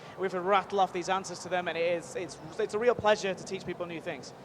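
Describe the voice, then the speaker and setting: Faint crowd noise drifts in from a busy convention floor as a high-voiced man livestreams from a game booth. His hosting is lively and talkative, rambling along and restarting quickly.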